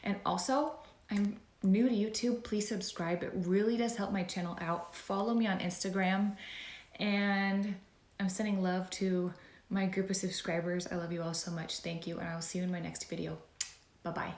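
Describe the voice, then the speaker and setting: A woman's voice: medium pitch, fairly even intonation, normal speed, reverberant. A woman YouTuber talking in an earnest, rambling, emotional way, speaking out in a commentary vlog.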